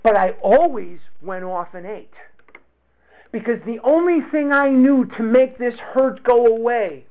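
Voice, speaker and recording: A man sharing a candid personal story of recovery, slow and reflective, often repeating his words. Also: very high-pitched. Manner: candid and confessional. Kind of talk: personal testimony to a group. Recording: tinny phone-like recording.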